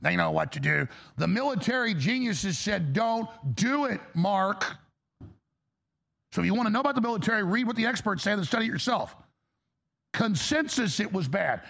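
A man's voice: very high-pitched, sharp tone. A male talk show host delivering an angry, exasperated political rant, blunt and profane. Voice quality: gravelly.

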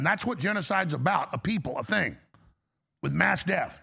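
A man's voice: high-pitched, animated, moderate pace, creaky, pushed and bright, breathy edge. A man hosting a talk show, giving a heated, emphatic political commentary monologue with frequent restarts.

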